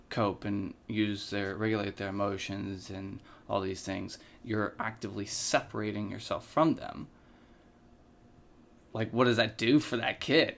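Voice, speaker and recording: A man co-hosting a podcast, talking casually with many pauses and restarts. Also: on the low side, creaky. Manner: hesitant, many fillers and restarts. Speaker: podcast co-host. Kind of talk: casual conversation.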